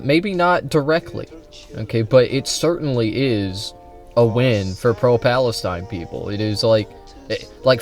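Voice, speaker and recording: A man hosts a casual political livestream and argues heatedly with his viewers. His voice sits at an ordinary pitch and he talks straight at the chat. Music plays clearly in the background. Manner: combative, heated, addresses chat directly. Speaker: streamer.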